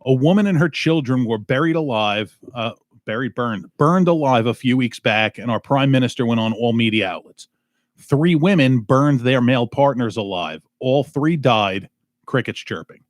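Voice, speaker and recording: Male podcast host, middle pitch, profane and loose, dry close sound. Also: expressive, normal speed, dry recording. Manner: blunt, swears freely, riffs loosely. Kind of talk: casual profane chat.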